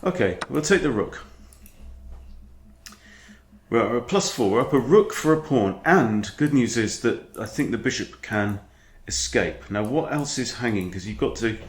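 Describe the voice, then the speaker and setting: A man, a chess coach talking through his own game in a chatty, animated way. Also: mid-range voice, normal speed. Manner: chatty, animated, breaks off to scold his dog. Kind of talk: casual game commentary. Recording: echoey room.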